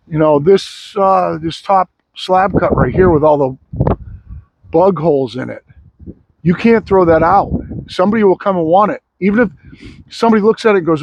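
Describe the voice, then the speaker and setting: A man's voice: sits high, moderate pace, muffled recording, background noise. A sawmill owner talking casually and bluntly, rambling and swearing freely while he shows off his wood. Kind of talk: casual vlog talk. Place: outdoor log yard.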